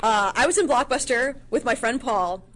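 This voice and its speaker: A woman's voice: fairly high pitch, moderate pace. A woman telling a funny story on a convention panel, bubbly and laughing often, acting out the voices she quotes on a handheld mic. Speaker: voice actress guest. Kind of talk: animated convention panel anecdote.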